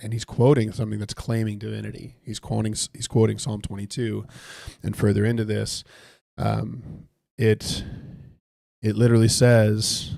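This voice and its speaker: A man's voice: fairly low pitch, flat delivery, moderate pace, creaky, warm tone, no room sound. A man casually leading a Bible study on a live stream while he plays a game, reading scripture aloud and musing over it in a conversational way.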